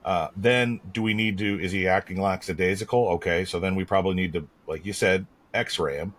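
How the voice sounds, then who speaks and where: A man's voice: low-pitched, steady tone, brisk. A man co-hosting a podcast, talking in a rambling, matter-of-fact and profane way. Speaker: podcast co-host. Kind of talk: casual podcast chat.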